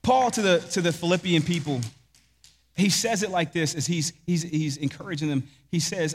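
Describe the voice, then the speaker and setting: A man's voice: a little high, normal speed, big-room sound. A man preaching a sermon as pastor, asking rhetorical questions and answering them with emphasis.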